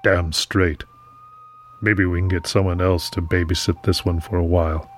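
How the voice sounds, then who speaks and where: A man's voice: deep voice, little pitch movement, moderate pace, soft background music, natural voice. A man playing a brash, streetwise male enforcer who talks bluntly and swears, in an audio drama. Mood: weary. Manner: blunt, profane.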